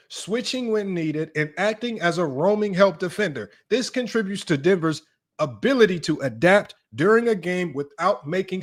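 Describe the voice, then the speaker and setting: High-voiced blunt sports stream host. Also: male voice. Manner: blunt, sarcastic, addresses viewers directly as y'all. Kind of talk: live-streamed sports analysis, reading stats aloud.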